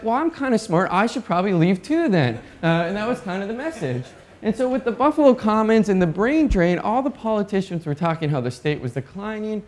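A young man from North Dakota giving a lively, jokey conference keynote and asking the audience questions. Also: sits high. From North Dakota, USA. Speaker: keynote speaker. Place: conference hall.

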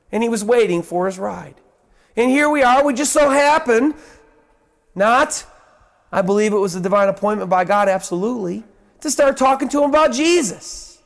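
High-voiced man preaching a sermon. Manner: storytelling preacher, acts out quoted voices, drops low and soft for appeals. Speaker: pastor.

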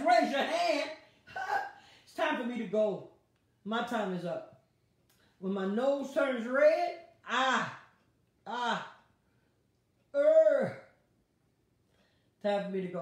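A woman's voice: a little high, very animated, slow pace, long pauses. A woman pastor, leading an online Bible study with call-and-response, exuberant and laughing as she calls out viewers by name. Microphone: device streaming to viewers online. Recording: very echoey, heard from a distance.

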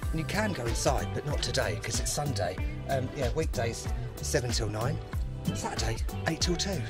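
A man voicing a pompous upper-class English gentleman in a put-on regal accent, with an affected mock-grand drawl, outdoors. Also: mid-range voice, animated, moderate pace, over music, close to an everyday voice. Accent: put-on posh English. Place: outdoors in a spa town street.

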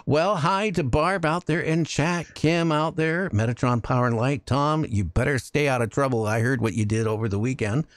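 A man hosting a casual talk radio show, telling jokey stories with lively energy. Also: mid-range voice, normal speed, few pauses, no room sound, clean studio sound. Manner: animated storytelling, jokey.

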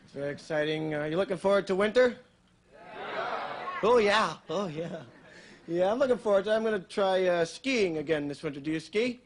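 A man performing a stand-up routine on a TV stage, telling dark jokes in a dry, offhand way and tagging lines with "you know.". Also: high-pitched, expressive, brisk. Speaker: stand-up comedian. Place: television studio stage with a live audience. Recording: 1980s TV broadcast with audience laughter.

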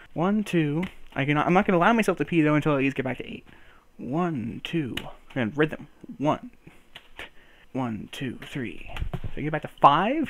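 A young man rambling to himself over juggling practice, counting aloud and laughing at his own misses. His voice sits a bit high and swings widely in pitch. A faint hiss runs under the recording. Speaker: vlogger learning to juggle. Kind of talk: casual self-talk while practicing.

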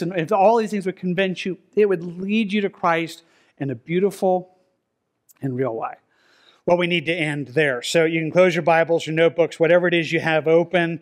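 A male pastor, preaching a sermon in a relaxed, conversational way and acting out imagined dialogue with his congregation. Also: on the high side, a little fast. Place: church sanctuary.

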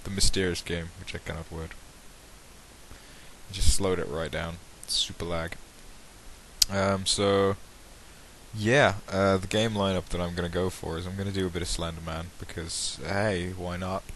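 A young English man with a Midlands accent, talking at home in a rambling, self-deprecating way full of ums. His voice sits very low. A light hiss runs under the home recording. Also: little pitch movement, moderate pace, fairly bright tone, rough recording. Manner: rambling, self-mocking, hesitant with many ums. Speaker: let's play channel host. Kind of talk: casual self-deprecating vlog intro.

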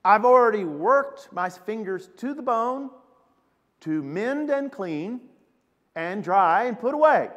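A man preaching acts out a weary, exasperated fisherman who has worked all night, loud and pleading. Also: a little high, heavily acted. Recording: long reverb of a church hall.

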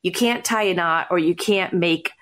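Woman, co-host, parent, lower voice, thinking aloud, playful. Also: normal speed, fairly bright tone. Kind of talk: casual podcast chat.

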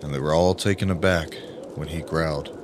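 A man narrating an audiobook in a grave, emphatic way with dramatic pauses. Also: extremely low pitch, steady tone, very noisy. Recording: music playing under the voice.

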